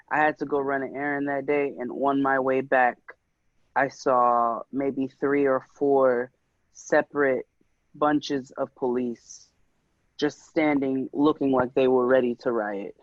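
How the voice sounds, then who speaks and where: A man's voice: medium pitch, no room sound. Male podcast co-host, emphatic storyteller, lo-fi dry sound. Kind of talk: casual podcast conversation. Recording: dull lo-fi dry recording.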